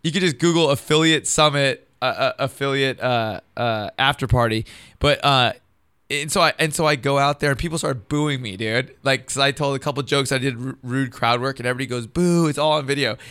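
A man's voice: mid-range voice, a little fast, bright, forceful tone, clear, resonant tone, dry recording, clean studio sound. A man, a stand-up comedian, telling a long rambling story in casual chat, swearing and saying "dude" constantly. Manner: rambling, profane, says dude a lot. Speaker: podcast guest, stand-up comedian.

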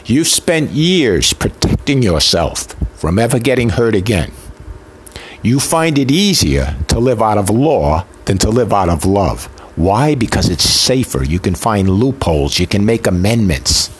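A man's voice: on the low side, big pitch swings, measured pace, breathy edge. A man preaching a sermon with an impassioned, emotional delivery built on rhythmic repetition. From Italian heritage.

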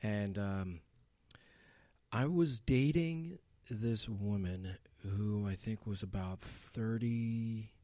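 A man's voice: on the low side, very slow, dark tone, no echo. A young man in casual chat, telling a long anecdote with many restarts and fillers.

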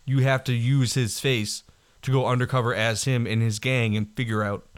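A man riffing through movie plots with a co-host, cursing freely and laughing between lines. He drops into short impressions of the characters and talks in an even, middle-pitched voice. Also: clear, resonant tone. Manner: laughing, profane movie retelling with quick impressions. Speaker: podcast co-host. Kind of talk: casual chat.

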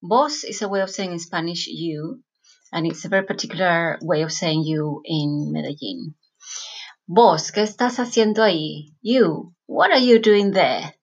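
Female Spanish teacher; husky, lower voice, calm explanatory lesson read. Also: lo-fi sound. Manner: clear explanatory, repeats phrases slowly. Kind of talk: scripted language lesson narration.

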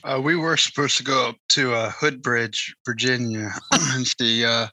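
Husky, bright-voiced man. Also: medium pitch, fairly even intonation, unhurried, dry recording, rough recording. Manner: hesitant, filler-heavy. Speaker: podcast co-host. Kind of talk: casual chat.

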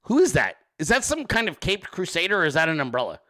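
Sarcastic, lively-voiced man swearing freely. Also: fairly high pitch, quick pace. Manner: profane, sarcastic, riffing at the audience. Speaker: livestream host. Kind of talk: casual livestream chat reacting to viewer pictures.

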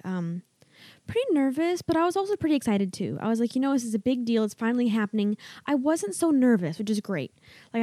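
A woman's voice: fairly high pitch, warm tone, no room sound, clean studio sound. A young woman co-hosting a podcast, chatting casually in a giggly, rambling way. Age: young adult. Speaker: podcast co-host. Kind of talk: casual chat.

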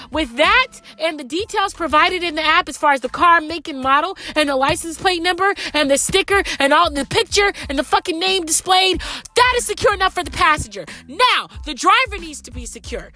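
A woman's voice: high-pitched, expressive, moderate pace, sharp tone, faint music behind. A young adult woman, a rideshare driver with a cold-stuffed nose, ranting and lecturing her viewers in a profane, emphatic way. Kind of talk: casual ranting vlog.

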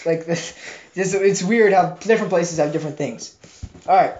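A man's voice: fairly high pitch, moderate pace, a little mellow. A man hosting a youth group chat, joking and teasing his friends. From northern United States. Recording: roomy, dull lo-fi audio.

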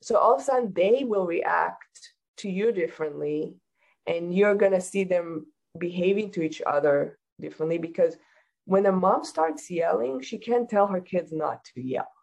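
A woman talking as a hypnotherapist guest in a casual interview, calmly explaining and giving practical advice. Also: fairly low pitch, moderate pace, creaky, poor audio.

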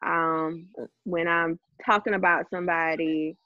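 Woman, low voice, reflective, dull lo-fi recording. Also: flat delivery, measured pace, sharp tone, no echo. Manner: thoughtful, self-reflective. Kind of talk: casual chat.

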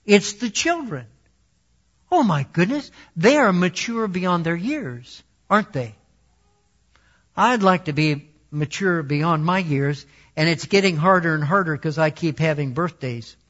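High-voiced, chatty male preacher. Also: animated, a little slow, a bit bright. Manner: conversational, self-deprecating, laughing asides. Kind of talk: sermon. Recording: dull lo-fi recording.

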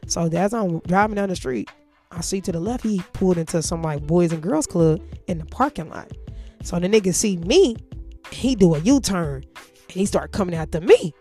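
A woman's voice: on the low side, animated, moderate pace, mellow, soft background music. A woman telling a story in casual, profanity-heavy speech.

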